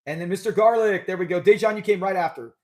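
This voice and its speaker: Upbeat male live-stream host, high voice, loose and chatty. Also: fast. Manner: chatty, upbeat, laughs often. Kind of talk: casual live-stream chat.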